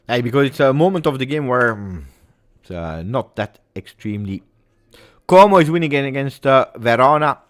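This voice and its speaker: Male host, animated live football commentary with a very lively pitch. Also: fairly quick. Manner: excitable, swings from muttering to shouting.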